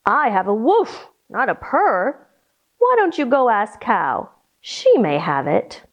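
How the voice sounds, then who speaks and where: A woman's voice: a little high, very animated, slow pace, muffled recording, pitched below the performer's own voice, heavily acted. A woman voicing a startled, friendly farm dog in a children's storybook reading. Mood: helpful.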